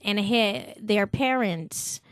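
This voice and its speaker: A woman with a Brazilian accent, a podcast guest telling stories in a laughing, swearing, animated way. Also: mid-range voice, slow pace, no room sound, studio quality. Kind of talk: casual storytelling.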